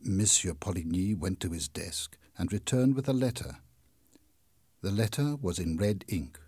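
A man narrating a simple story with slow, deliberate, expressive delivery and a husky voice. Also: sits low, dry recording, clean studio sound. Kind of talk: scripted narration of a graded reader.

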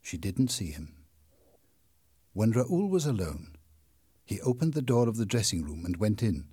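A man narrating a simple story with slow, deliberate, expressive delivery and a husky voice. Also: lowish voice, no echo. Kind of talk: scripted narration of a graded reader.

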